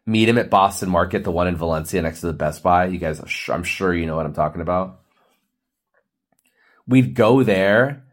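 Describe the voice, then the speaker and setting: A man's voice: low voice, moderate pace. A man around forty, hosting a podcast and ranting in a blunt, preachy, joking way. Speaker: podcast host. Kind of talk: ranting monologue.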